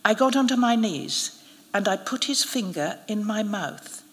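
A woman reading a story, quiet and measured. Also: medium pitch, animated. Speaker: reader of a short story. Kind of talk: first-person literary narration. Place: live event venue. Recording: long reverb of a live event hall.

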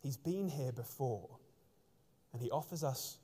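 A man's voice: mid-range voice, animated, measured pace, warm tone, breathy edge. A man preaching a sermon from the front of a church, telling stories earnestly, with frequent restarts. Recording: long church reverb.

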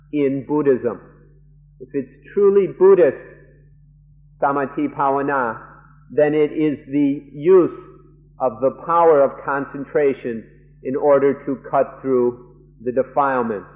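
The audio, a muffled and narrow archival tape, holds a male monk interpreting a dharma talk live. Speaking at a middling pitch and a very slow rate, he handles each idea in short, careful bursts with many pauses and restarts.

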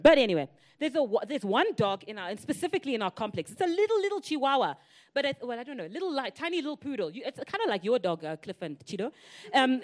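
A woman in her thirties preaching a sermon, telling stories in an animated way and rising to loud, emphatic declarations. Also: on the high side.

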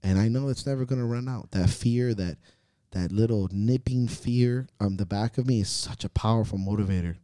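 A man hosting a podcast and talking candidly as a coach, earnest and profane, questioning himself with sighs and trailing pauses. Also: on the low side, mellow, smooth, no room sound.

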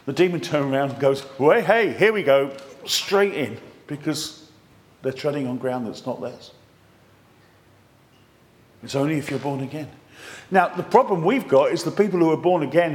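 A man with a slightly high voice preaches a lively, conversational sermon full of jokey asides. He reads scripture aloud with strong emphasis.

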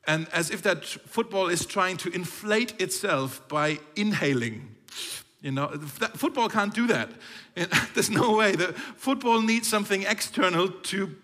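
A man's voice: sits high, lively intonation, unhurried, sharp tone. A man preaching a sermon as a pastor, talking in a conversational way with playful asides and frequent restarts. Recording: long reverb of a hall.

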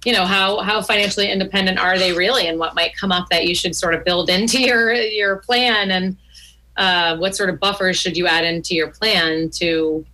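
A woman's voice: on the low side, steady tone, normal speed, pushed and bright, rough recording. A woman co-hosting a money podcast in casual chat, chatty with many fillers. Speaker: podcast co-host.

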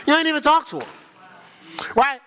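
An older man preaching a sermon as pastor, playful and lively, laughing with his congregation and acting out the voices of the people he quotes. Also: extremely high pitch, normal speed. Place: church sanctuary.

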